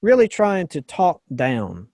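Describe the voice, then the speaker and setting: A man's voice: on the high side, huge pitch swings, slow pace, darkish tone, no echo. Chatty man with a dry, close sound. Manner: reads passages aloud with dry asides and chuckles. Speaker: pastor and podcast co-host. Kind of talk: casual book discussion.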